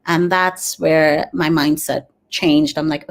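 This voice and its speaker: A woman in her forties, a dentist and grief coach, talking earnestly in an interview with many pauses and fillers. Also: sits low, steady tone. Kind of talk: conversational interview.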